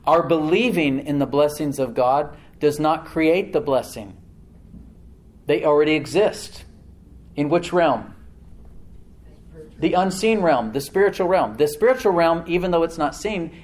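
A man's voice: on the high side, lively intonation, measured pace, rough recording. Folksy preacher man with a dynamic delivery. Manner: folksy storytelling, repeats key phrases for emphasis; swings from quiet asides to loud emphatic lines. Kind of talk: sermon with a personal story.

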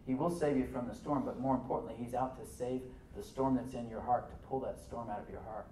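A pastor preaching in a roomy, echoing church, picked up from some distance off the mic. He is animated, firing rhetorical questions at the congregation and dropping into soft asides. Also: mid-range voice, fairly quick, a little hiss or hum. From United States. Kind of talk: sermon.

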